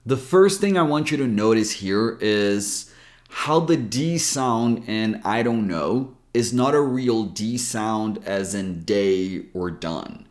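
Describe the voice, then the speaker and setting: A man's voice: fairly low pitch, slow. A man with an American accent, patiently explaining pronunciation in a recorded video lesson. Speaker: English pronunciation coach.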